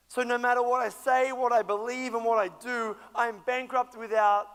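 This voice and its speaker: High-voiced man preaching in a hall. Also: little pitch movement, brisk, few pauses, fairly bright tone, smooth. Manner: playful, laughing, acts out quoted voices. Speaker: guest speaker. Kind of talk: youth sermon with storytelling. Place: large church hall. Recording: echoey hall with long reverb.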